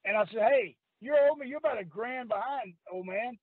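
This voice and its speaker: Older guy on the phone, high voice, rough salty storyteller, tinny dry line. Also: brisk, no echo. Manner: rough, salty storyteller, quoting others, laughing often. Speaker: guest, retired wrestler. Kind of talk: storytelling on a call-in radio podcast.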